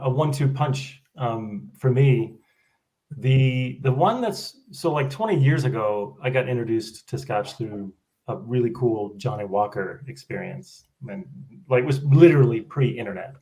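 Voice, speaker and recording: A man, a whisky reviewer, recounting in a relaxed, rambling way over a video call. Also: mid-range voice, low-quality recording. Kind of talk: casual chat.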